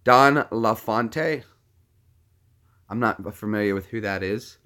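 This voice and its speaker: Speaking slowly in a fairly low voice with a sharp tone, a man rambles amiably to his live-stream chat in the breaks between his impressions.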